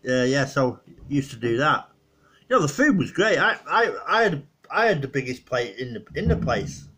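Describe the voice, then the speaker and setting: A man's voice: medium pitch, sing-song, moderate pace, a bit bright, slightly rough. A middle-aged man, rambling casually through old memories on his vlog and laughing at his own stories. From northwest England. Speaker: vlogger.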